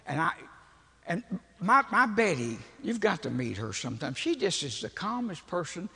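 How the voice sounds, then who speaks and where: An older man, preaching as a folksy, animated storyteller who laughs at his own jokes. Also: high-pitched, moderate pace, creaky, husky. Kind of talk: storytelling sermon. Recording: echoey hall with long reverb.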